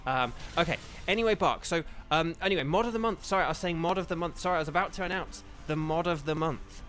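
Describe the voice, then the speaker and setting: Talking fast in a fairly high, fairly bright voice, an Englishman streams a game and chats loosely with his viewers. His talk rambles, drifts easily, and is thick with fillers and restarts.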